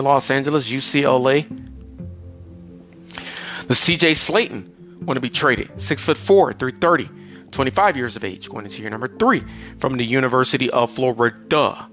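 A man talking through a football roster on his own podcast, leaning hard on key words and then rushing through heights, weights and years. His voice sits at an ordinary middle pitch. Faint guitar music plays underneath. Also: a bit bright. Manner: emphatic, drawn-out delivery with sudden rushes of stats. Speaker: podcast host. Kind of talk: solo sports podcast monologue.

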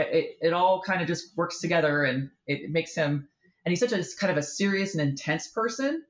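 A woman author in a casual interview, telling a lively story and acting out the voices in it. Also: deep voice, reverberant, muffled recording. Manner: animated storyteller, acts out quoted voices. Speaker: author guest.

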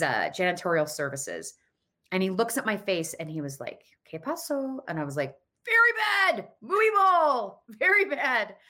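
Brief: thirties woman, lowish pitch, animated storyteller who acts out the voices. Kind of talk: personal storytelling.

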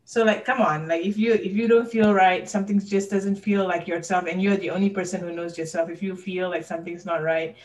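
A woman's voice: lowish voice, fairly even intonation, brisk, few pauses, darkish tone, distant mic, rough recording. A woman talking candidly and earnestly as a podcast guest, open about her personal struggles.

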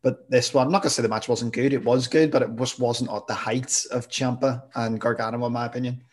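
A man co-hosting a podcast, chatting casually in a measured way that hedges his views. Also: mid-range voice, steady tone. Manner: measured, hedging with "I suppose" and "kinda". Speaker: podcast co-host. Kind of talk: casual chat.

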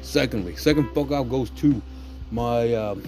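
A man's voice: mid-range voice, normal speed, darkish tone, faint music behind. A man hosting a podcast, ranting aggressively with constant swearing and asking "you know what I'm saying" again and again. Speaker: podcast host. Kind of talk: profane ranting monologue.

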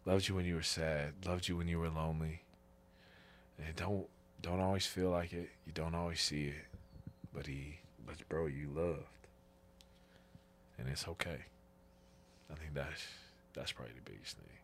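Deep voiced guy in his 30s, teary, halting earnest faith talk. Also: level tone, a little hiss or hum. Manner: halting, restarts often, earnest and tender. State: tearful. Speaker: podcast guest. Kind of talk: emotional faith testimony.

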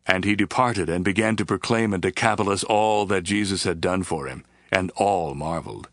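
Casting: a steady male narrator for a scripture audiobook, lowish voice, measured, dry booth sound. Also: no room sound. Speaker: scripture reader. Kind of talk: scripted Bible reading.

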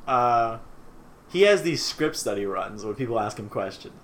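A man's voice: medium pitch, lively intonation, normal speed, a bit bright. A young man co-hosting a casual podcast, joking and laughing, saying "dude" a lot, recorded in a small apartment on a desk microphone set a few feet away. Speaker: podcast co-host. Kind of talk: casual chat. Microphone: one shared desk mic about three feet away.

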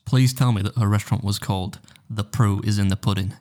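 Young male podcast co-host, quick and wry, slightly low register. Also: fairly even intonation, dark tone. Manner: jokey, self-mocking asides. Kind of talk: casual chat.

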